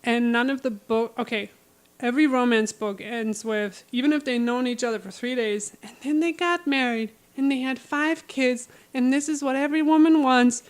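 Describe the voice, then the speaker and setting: Animated woman retelling a book plot. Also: high-pitched, moderate pace, clean tone. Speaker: podcast co-host. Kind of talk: casual book chat.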